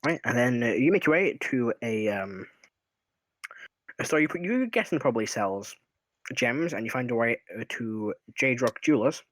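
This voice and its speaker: A man running a tabletop game as game master, narrating in a relaxed, rambling way and humming while he thinks. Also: medium pitch, normal speed, no room sound.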